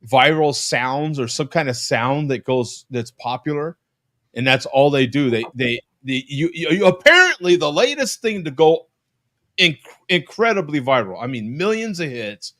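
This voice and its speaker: A man hosting a casual live-stream chat over a video call from his home, rambling with lots of halting restarts. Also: on the high side, very animated, a bit bright, no room sound, clean studio sound. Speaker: podcast host. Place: home room.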